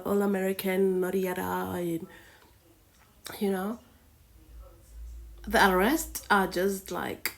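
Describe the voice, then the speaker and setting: A woman from Africa giving indignant, lecturing reaction commentary. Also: fairly high pitch. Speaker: reaction video host.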